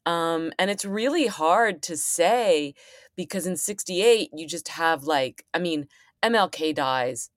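Low-voiced chatty woman host. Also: lively intonation, no room sound, clean studio sound. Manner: chatty, quick to tease and laugh. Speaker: podcast host. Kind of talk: casual chat.

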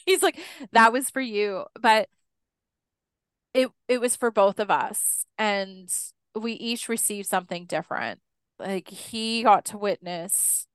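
A young adult woman telling a personal story in a podcast interview, animated and acting out the dialogue she quotes. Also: mid-range voice, smooth, dry recording. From Canada, Six Nations Mohawk community. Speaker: guest, Indigenous educator.

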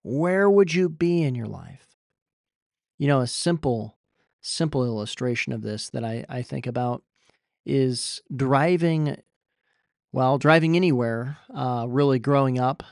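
A man's voice: mid-range voice, measured pace, vocal fry, a little mellow, no room sound, studio quality. A young man from Iowa preaching a sermon, earnest and emphatic, his voice rising when he pleads. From Iowa, USA. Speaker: pastor.

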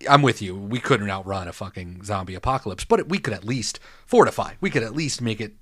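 A man's voice: fairly low pitch, animated, fairly quick, a bit bright, dry recording, studio quality. A man co-hosting a podcast, ranting in casual chat with frequent swearing and exasperation. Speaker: podcast co-host.

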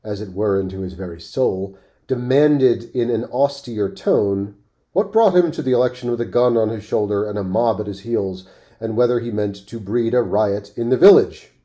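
A man reading a classic story aloud on his podcast, expressive, with offhand asides. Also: on the low side, normal speed.

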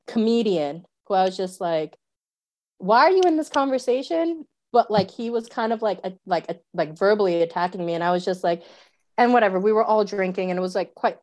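A young woman, a stand-up comedian telling a story in casual chat, animated, full of fillers and swearing. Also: mid-range voice. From New York City.

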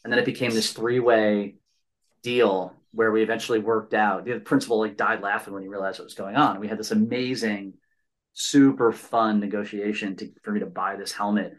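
Low-voiced rambling American storyteller. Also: male voice, steady tone, moderate pace, poor audio. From United States. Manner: rambling storyteller, tags points with "right?". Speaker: podcast host. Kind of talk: casual conversation.

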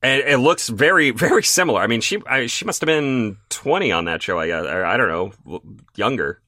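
A man's voice: mid-range voice, expressive, brisk, pushed and bright, no room sound, clean studio sound. A man co-hosting a podcast chat about films, talking in a wry, opinionated way with mock-solemn asides. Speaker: guest co-host.

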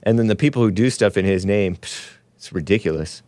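A man's voice: on the low side, a little fast, darkish tone, no echo. A man hosting a live call-in stream, rambling casually, laughing often and reading viewer comments aloud. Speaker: show host.

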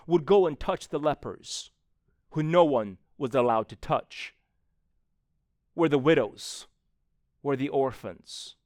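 Young guy pastor preaching live in church, slightly high voice, dry close sound, chatty. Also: darkish tone, no echo. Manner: conversational, acts out quoted exchanges with people. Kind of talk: live sermon.

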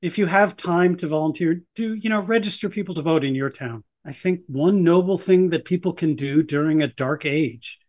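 A man's voice: on the high side, normal speed, hardly any pauses, darkish tone. A man talking as a journalist guest on a podcast interview, wry and sardonic, laughing between points.

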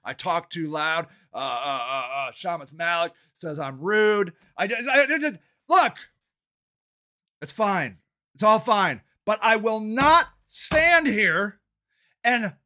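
Older guy, furious profane rant, high strained sharp tone. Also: animated, takes it slowly. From Ohio, United States. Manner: profane, shouting and agitated. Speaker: city council candidate and activist. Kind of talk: angry monologue rant.

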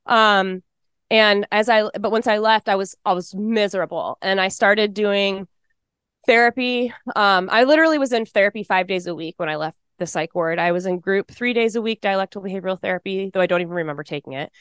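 A woman in her forties from Texas, telling her personal testimony in an interview, emotional and fast-talking. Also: medium pitch, a bit bright, clear, resonant tone, no room sound, clean studio sound.

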